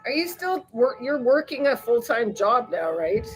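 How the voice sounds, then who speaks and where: A woman talks loosely and at length to her live viewers, drifting from topic to topic with frequent laughs. She swears in passing and jumps up in excitement whenever she greets someone by name. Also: a little high, unhurried, rough recording. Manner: chatty and rambling, laughs often, swears casually. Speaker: livestream host reading viewer chat. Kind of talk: casual rambling live chat.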